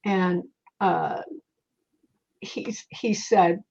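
Woman, middle-aged, husky voice, animated storyteller, acts out quoted voices, dull lo-fi recording. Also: mid-range voice, measured pace. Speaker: psychic medium guest. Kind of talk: casual storytelling in an interview.

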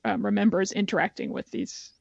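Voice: medium pitch, steady tone, fairly quick, gravelly, darkish tone, no echo, muffled recording. An interview host who speaks in a thoughtful, affirming way. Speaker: podcast host.

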